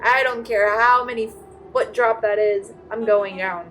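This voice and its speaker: Excitable joking female streamer. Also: on the high side, measured pace, slight background noise. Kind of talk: casual game commentary.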